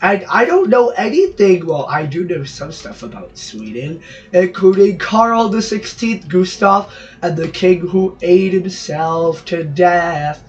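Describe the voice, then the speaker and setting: A man's voice: high-pitched, expressive, takes it slowly. A man from Brazil giving rambling, jokey gameplay commentary with lots of self-interrupting asides. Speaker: gaming channel host. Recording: distant, dull lo-fi mic with music behind.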